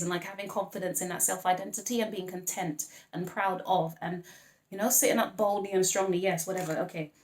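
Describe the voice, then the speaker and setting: A woman's voice: lowish voice, darkish tone, echoey room. A woman giving a casual, rambling tarot reading, chatty and full of apologetic asides. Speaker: tarot reader.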